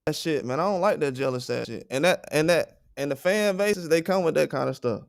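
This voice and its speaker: A man's voice: a little high, brisk, creaky, dry recording, studio quality. A man hosting a livestream and ranting bluntly and with indignation, swearing freely. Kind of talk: heated livestream rant.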